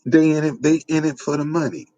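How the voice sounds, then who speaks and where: A man's voice: a little high, steady tone, brisk, mellow, dry recording, lo-fi sound. Emphatic man preaching in a dry room. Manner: repetitive, emphatic, folksy street-preacher cadence. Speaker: online preacher. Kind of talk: informal preaching monologue.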